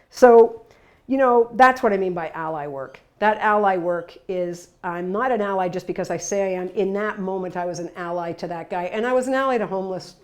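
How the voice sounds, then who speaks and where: Woman giving a talk, chatty and punchy, keeps saying right?, gets loud in bursts. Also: lowish voice. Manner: emphatic, conversational, frequent tag questions; lively storytelling with sudden bursts of loudness. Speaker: workshop presenter. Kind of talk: presentation to workers.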